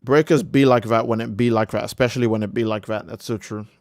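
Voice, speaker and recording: A man's voice: medium pitch, fairly even intonation, fast talker, darkish tone, no room sound, clean studio sound. Rambling, joking young male game streamer. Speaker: gaming streamer. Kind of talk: casual streaming commentary.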